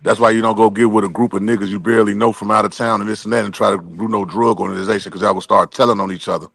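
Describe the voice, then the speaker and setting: Fast, blunt low-voiced man. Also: fairly even intonation, vocal fry, fairly bright tone, husky. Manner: blunt, opinionated and profane. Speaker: panel guest. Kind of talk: casual talk-show chat.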